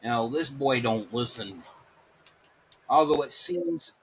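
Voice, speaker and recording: A man talks in a wry, deadpan manner. His pitch is middling for a man. Faint ambient noise sits behind his voice. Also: slow, poor audio. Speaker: guest wrestler.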